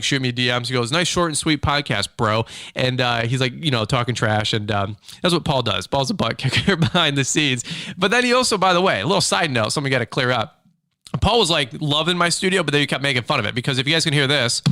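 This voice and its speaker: Animated man hosting a business podcast. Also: mid-range voice, no room sound, clean studio sound. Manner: animated, rambling, lots of fillers and restarts. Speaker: podcast host, lawn care business owner. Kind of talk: casual business podcast talk. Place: small makeshift home studio with a hard wood table.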